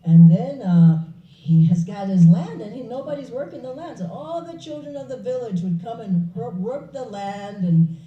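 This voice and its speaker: A woman giving a public spiritual talk, an animated storyteller who laughs along with her own story. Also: mid-range voice, normal speed. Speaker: spiritual speaker. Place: hall. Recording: echoey hall, distant, dull.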